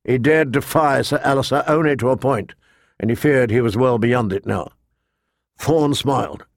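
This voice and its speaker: A man narrating a fantasy novel in a measured storytelling manner, voicing the characters. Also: mid-range voice, gravelly, dry recording, studio quality. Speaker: audiobook narrator. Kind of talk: scripted narration.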